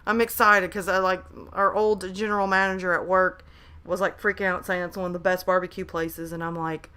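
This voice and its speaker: A bright-voiced woman in her thirties talks into a desk mic at her laptop during a home live stream. She is hyper and chatty, greeting viewers and reading their messages aloud. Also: on the low side, expressive, measured pace, long pauses, smooth. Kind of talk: casual live stream chat. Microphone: desk microphone at a laptop.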